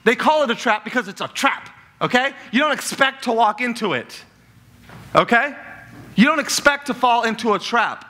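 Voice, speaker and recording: A man preaching a sermon as pastor, talking in a lively, conversational way and joking with the congregation in a church. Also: extremely high pitch, normal speed. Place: church sanctuary.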